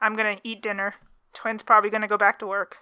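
A woman's voice: medium pitch, flat delivery, quick pace, sharp tone, smooth, dry recording. A woman hosting a podcast, bubbly and giggly in casual chat. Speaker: podcast host.

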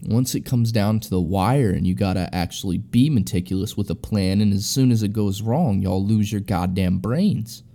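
A man's voice: lowish voice, moderate pace, hardly any pauses, mellow. A young man telling a story in a loose, profane, slang-heavy way, calling his listeners bro and dude. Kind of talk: casual storytelling.

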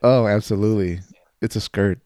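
A man's voice: fairly low pitch, fairly even intonation, moderate pace, warm tone, no room sound. A man co-hosting a casual podcast, joking and laughing often, with playful mock-dramatic asides. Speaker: co-host.

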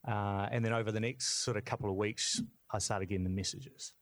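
A man's voice: on the low side, steady tone, a little fast. A young man, a podcast guest, telling a candid story in casual talk and laughing through it.

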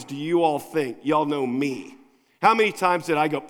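A male pastor preaching a sermon in a casual, conversational way, moving between quiet asides and emphatic points. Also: a little high, moderate pace. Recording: long reverb of a large hall.

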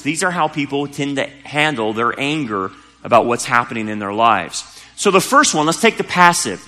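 A man's voice: medium pitch, pushed and bright, big-room sound. A male pastor preaching a sermon in a church, talking conversationally and earnestly, often restarting his sentences. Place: church sanctuary.

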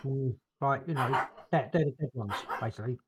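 A man chats casually as a podcast co-host, peppering his speech with fillers and blunt swearing. His voice sits at an ordinary middle pitch for a man. The noise of a crowd is clearly heard behind him. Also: fairly quick. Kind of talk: casual chat.

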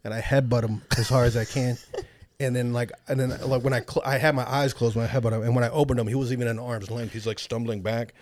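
A man's voice: medium pitch, fast talker, no room sound. A man from Washington, D.C., a comedian guest on a podcast telling stories in a loose, profane way, jumping into raised voices when he plays the people in them. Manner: profane, animated, acts out people in the story with a raised voice. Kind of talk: casual podcast storytelling.

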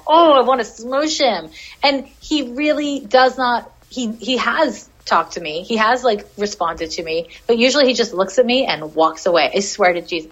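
A woman telling a rambling story in casual chat, laughing often and swearing freely. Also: medium pitch. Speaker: podcast guest, animal communicator. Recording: dull lo-fi audio.

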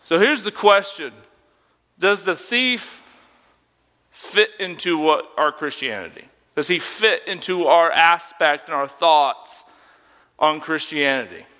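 A man's voice: a little high, slow pace, bright, forceful tone, long reverb tail. A young man preaching a sermon as a youth pastor, conversational and emphatic, asking rhetorical questions.

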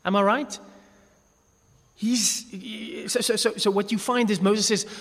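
Guy teaching a bible class, kinda high voice, jokey and loose, lots of echo. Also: steady tone, unhurried, vocal fry. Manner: chatty, joking, with frequent restarts. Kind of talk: casual teaching talk. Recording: long echo of a reverberant hall.

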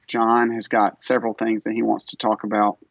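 Gravelly sleepy man on a podcast. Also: on the low side, monotone, brisk, dry recording, dull audio. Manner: dry teasing, many fillers. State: sleepy, early morning. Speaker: podcast co-host. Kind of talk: casual podcast chat.

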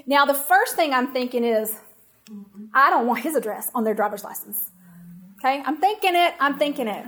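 A middle-aged woman, telling a personal story to an audience in an animated, emphatic way. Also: sits high. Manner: animated, emphatic, talks straight to listeners. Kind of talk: personal anecdote told to an audience.

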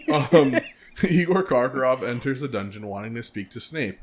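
A man's voice: medium pitch, expressive, normal speed. A man co-hosting a podcast, teasing his co-host with dry quips in casual book chat.

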